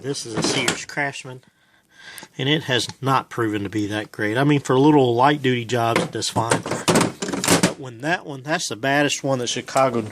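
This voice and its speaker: A man's voice: medium pitch, normal speed, heavy background noise. A man, rambling in a folksy way with lots of ums while he films a repair in his home garage. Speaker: home mechanic filming a repair. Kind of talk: casual how-to vlog.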